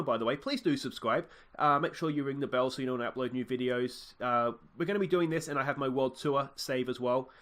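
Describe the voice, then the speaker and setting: Excitable football-game commentator, bright man. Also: mid-range voice. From Australia. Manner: chatty, excitable, cheers at goals. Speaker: let's play host. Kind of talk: casual gameplay commentary.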